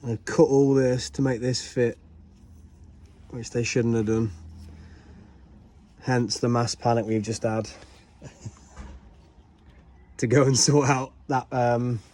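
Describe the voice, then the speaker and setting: A man's voice: mid-range voice, steady tone, slow pace, pauses often, darkish tone. A man vlogging a car repair outdoors, chatting and explaining each step as he works. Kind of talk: casual hands-on vlog narration.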